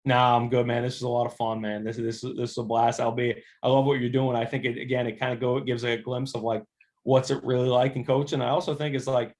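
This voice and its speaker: A man in his thirties, an assistant basketball coach, telling stories as a guest in a casual interview, animated and full of restarts. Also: medium pitch. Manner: animated storyteller, quick restarts, acts out quoted voices.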